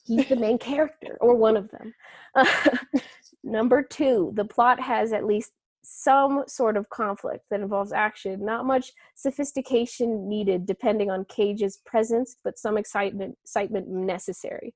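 A woman's voice: fairly high pitch, steady tone, normal speed, no echo. Giggly, chatty young woman, dry sound. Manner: chatty, giggly, lots of "like" fillers. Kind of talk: casual chat.

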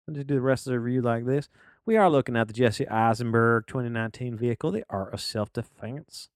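A man's voice: mid-range voice, fairly quick, no room sound. A middle-aged man hosting a solo movie review podcast from his home office studio, rambling off on jokey tangents. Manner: digressive, jokey, trailing off into tangents.

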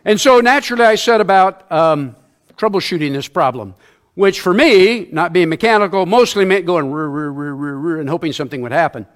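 Older man preaching, folksy and high-voiced. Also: animated, a little fast, a bit bright. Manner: self-deprecating, folksy storyteller; acts out sounds and quotes in his stories. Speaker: church elder preaching. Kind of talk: sermon with personal storytelling.

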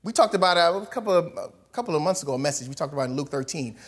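A male pastor preaching a lively sermon, his voice pitched high and swinging widely up and down. He reads scripture aloud and plays out the quoted lines in voices, slipping into casual, colloquial phrasing. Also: very fast.

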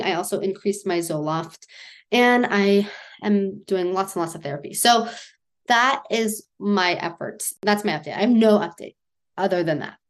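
A woman co-hosting a podcast in casual chat, candid and self-deprecating, often laughing at her own troubles. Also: mid-range voice. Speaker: podcast co-host.

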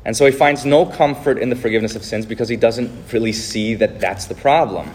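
A man's voice: medium pitch, a little fast, few pauses, darkish tone. A male pastor giving a sermon, speaking earnestly and directly to his congregation.

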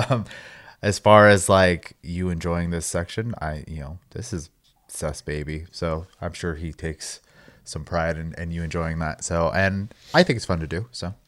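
A man with a very deep voice answers briefly as a podcast co-host. His casual chat is relaxed and unhurried, with short replies.

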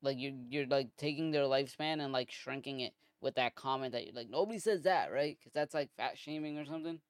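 A man's voice: mid-range voice, brisk, clean tone, dry recording, studio quality. A man from the US hosting a podcast, ranting casually with heavy profanity and lots of filler words. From United States. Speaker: podcast host. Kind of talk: casual commentary monologue.

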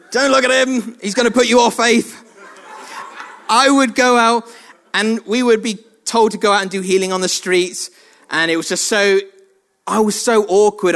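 A man preaching a sermon, telling funny stories about himself and laughing often. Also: high-pitched. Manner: animated, self-mocking storytelling with frequent laughs.

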